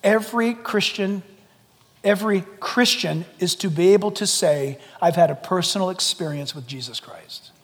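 A man preaching a sermon to a congregation, dramatic and animated, jumping from loud exclamations to hushed near-whispers and acting out quoted voices. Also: sits high. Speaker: pastor. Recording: long hall reverb.

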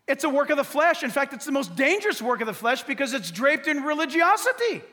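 A pastor preaching a sermon in an animated, storytelling way, speaking straight to his congregation. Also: extremely high pitch, big-room sound.

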